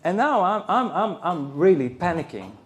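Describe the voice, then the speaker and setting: A man's voice: high-pitched, normal speed. A man speaking at a conference, telling a personal story to an audience and acting out the voices of the people in it. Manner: animated storytelling, acting out the other people's lines. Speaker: speaker at a men's issues conference. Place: conference hall. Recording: roomy hall sound.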